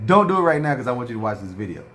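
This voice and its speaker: A man's voice: medium pitch, fairly bright tone, a little hiss or hum. A man vlogging in a casual chat, telling a rambling story with lots of fillers and reading out viewer comments.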